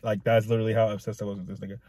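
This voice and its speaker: A man's voice: fairly low pitch, little pitch movement, very fast, mellow. A young man venting to camera in a raw, profane, rambling rant that goes in circles. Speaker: vlogger. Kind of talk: emotional personal rant to camera.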